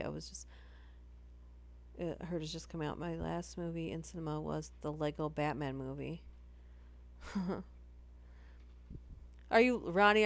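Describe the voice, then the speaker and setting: A chatty woman rambles through a casual live stream, breaking off her own sentences as she goes. Her voice sits a little low, and it is recorded close with a dry sound. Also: dry recording. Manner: rambling, chatty, self-interrupting. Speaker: horror story reader and streamer. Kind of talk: casual live-stream chat between story readings.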